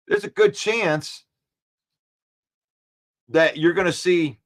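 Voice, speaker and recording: A man hosting a daily sports talk show, excitable and trash-talking, repeating himself as he builds his case. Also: on the high side.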